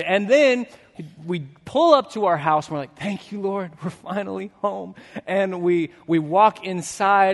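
Animated, high-voiced pastor in a reverberant hall. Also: male voice. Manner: storytelling, swinging from animated to hushed and earnest. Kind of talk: sermon.

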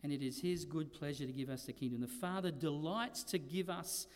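A man preaching a sermon as pastor, slowing down to stress key words and moving between loud emphatic lines and quiet ones. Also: on the high side, in a large hall. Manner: preaching with slow emphatic stresses and dynamic swings.

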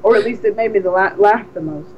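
A woman with a medium-pitched voice talks fast as an animated storyteller on a podcast she co-hosts, restarting frequently in the easygoing chat. Crowd noise sits behind her in a dull, lo-fi recording.

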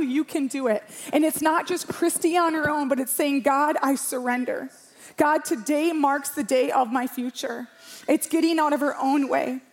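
A woman around forty, a pastor, preaching a sermon to a church congregation in a passionate, emphatic way, repeating phrases for rhythm. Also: high voice.

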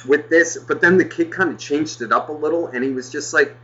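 Brief: male podcast co-host, sharp bright voice, foul-mouthed exasperated storyteller, muffled lo-fi audio. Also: on the high side, brisk. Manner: profane, exasperated, heavy swearing. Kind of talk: casual storytelling rant.

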